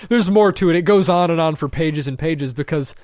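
A man's voice: on the high side, a little fast, darkish tone, no echo, clean studio sound. A man co-hosting a podcast, chatting casually in a rambling, self-deprecating way with a slight lisp. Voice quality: slightly lispy. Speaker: podcast co-host. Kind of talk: casual comedic chat.

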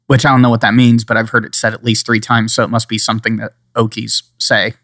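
A man's voice: lowish voice, flat delivery, quick pace, few pauses, fairly bright tone, no room sound, clean studio sound. A man co-hosting a podcast in casual, joking chat, rambling and sometimes slipping into playful put-on accents. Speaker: podcast co-host.

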